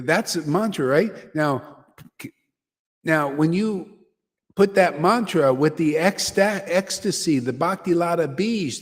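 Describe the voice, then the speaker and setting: A man leads a devotional gathering in a lively, exclamatory way and laughs readily as he teaches. His voice sits high for a man. A long reverb trails after his words, as in a large hall. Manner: exclamatory and enthusiastic, often laughing. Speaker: devotional teacher leading a satsang. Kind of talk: informal devotional talk to a gathering.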